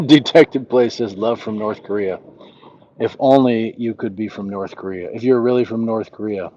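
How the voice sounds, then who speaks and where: A man hosting a casual livestream, reading viewers' comments aloud and answering them in a relaxed, friendly way. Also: fairly low pitch, measured pace, dull audio. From Southwest United States. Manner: reads chat messages aloud, relaxed and friendly. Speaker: livestream host. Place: walking outdoors.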